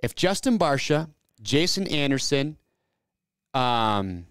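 A man co-hosting a racing talk show in a smooth, resonant voice. He makes his case at length, circles back and restarts his sentences as he thinks aloud. The sound is close and dry. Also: mid-range voice, sing-song, slow, a bit bright, dry recording. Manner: opinionated, rambling, restarts his thoughts. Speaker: fantasy racing show co-host. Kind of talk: casual sports chat.

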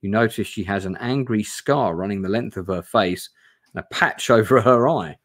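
A man's voice: on the low side, normal speed. Chatty man reading a gamebook live. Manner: chatty, reads aloud, swears, talks to viewers. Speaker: streamer playing a gamebook. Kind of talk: live reading and casual chat. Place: home room. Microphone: on camera.

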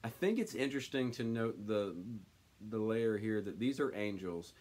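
A man hosting a Bible study, reading scripture aloud slowly and then thinking aloud about it with many ums and uhs. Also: on the low side, lively intonation, darkish tone.

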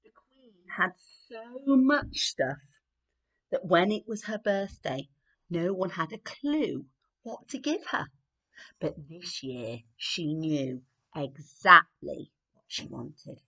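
A woman reading a picture book aloud to small children. She speaks slowly and gently, dropping into soft whispers, and her pitch swings widely to keep them hooked. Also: big pitch swings, vocal fry. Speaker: playgroup leader.

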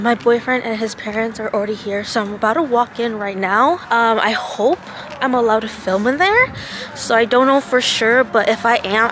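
A woman's voice: a little high, background noise. A young woman chatting casually to her camera in a rambling vlog, with lots of ums and likes. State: out of breath. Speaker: vlogger.

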